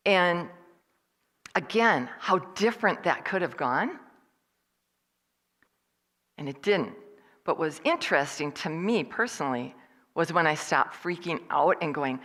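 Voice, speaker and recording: Low-voiced woman telling a story in a hall. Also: measured pace, long pauses. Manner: lively storyteller who acts out other people's lines. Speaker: guest speaker at a church service. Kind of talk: personal storytelling talk. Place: church hall.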